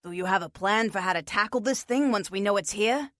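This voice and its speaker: A woman voicing an earnest, protective grown man who speaks low and sincerely. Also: brisk, fairly bright tone, dry recording, clean studio sound, lightly acted.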